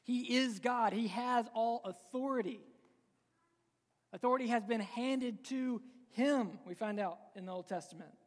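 A pastor preaches to a live congregation in a large church, conversational and joking but breaking into sudden emphatic bursts. His voice is very high and unhurried, and the big hall adds long reverb.

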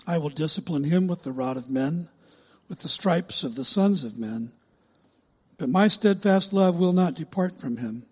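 A man preaches a sermon with measured emphasis, drawing out important words and stressing phrases. His voice sits a little high for a man and has a soft, breathy edge. It rings with the long reverb of a large hall. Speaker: pastor.

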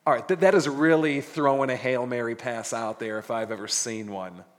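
A man's voice: medium pitch, normal speed. A man preaching a sermon, reading scripture dramatically and adding casual jokes. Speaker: pastor. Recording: reverberant hall.

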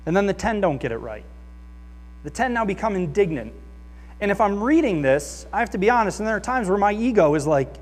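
A man preaching a sermon as pastor, earnest and lively, reading scripture aloud and acting out the voices he quotes. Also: high-pitched, brisk. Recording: long reverb of a large hall.

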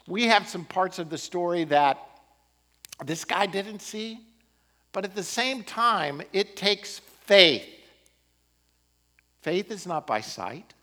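A man's voice: sits high, slow. A man preaching a sermon as pastor, building emphasis with rising and falling delivery. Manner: animated, rising and falling emphasis with occasional laughs.

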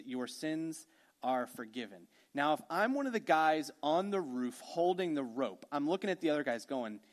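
A man preaching a sermon in a conversational, animated way, telling the story with frequent asides to the congregation. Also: a little high. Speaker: pastor.

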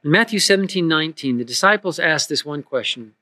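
A middle-aged man preaches with earnest force and keeps doubling back on his words. His voice sits high and bright for a man, and the recording is close and dry, with no room around it. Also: expressive, moderate pace, dry recording. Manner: earnest, emphatic preaching with frequent repeated words. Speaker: pastor. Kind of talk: sermon.

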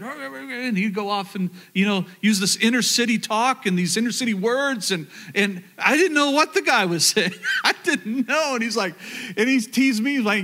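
A man's voice: sits high, lively intonation, moderate pace, sharp tone. A man from rural Oklahoma with a Southern accent, preaching a sermon through personal stories, earnest and repeating words as he talks to the crowd. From rural Oklahoma, USA. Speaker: pastor. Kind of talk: storytelling sermon.

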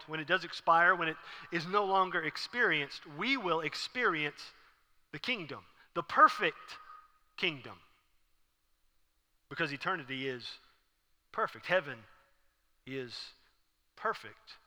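A pastor preaching a sermon with a casual, joking manner, asking the congregation questions. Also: male voice, high voice, sharp tone. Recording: long hall reverb.

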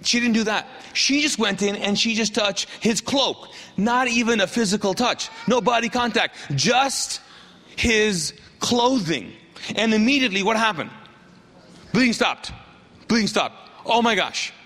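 A man preaching a sermon in an animated way, acting out the people in his story with jokey asides. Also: high voice, unhurried. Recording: long hall reverb.

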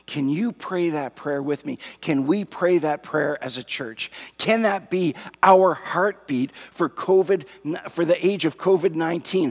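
Slow gravelly preaching man, echoing hall. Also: fairly high pitch, animated. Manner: slow, emphatic preaching with repetition. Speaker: pastor. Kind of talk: sermon. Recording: long hall reverb.

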